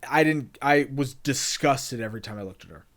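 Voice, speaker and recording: A young man from the Deep South with a Southern accent, co-hosting a casual podcast chat and swearing freely. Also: a little fast, fairly bright tone. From Deep South, USA. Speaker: podcast co-host.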